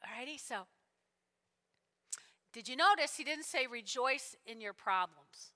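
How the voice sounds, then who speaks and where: A woman preaching a sermon in a church, animated and repetitive, often checking in with her listeners. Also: sits high, a little slow. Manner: animated, repeats lines, checks in with "all right?". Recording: long hall reverb.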